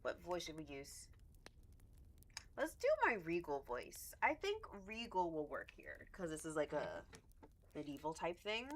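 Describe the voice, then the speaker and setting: A woman's voice: deep voice, very animated, normal speed, a little hiss or hum. A woman streaming a dating game, chatty and easily sidetracked, scolding her cat between comments. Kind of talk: casual gaming stream commentary.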